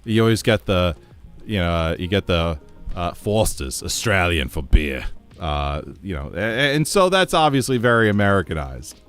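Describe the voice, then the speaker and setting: A man's voice: on the low side, sing-song, normal speed, a bit bright, smooth, soft background music. A man from the United States streaming a game, chatting casually, reading chat aloud and laughing often.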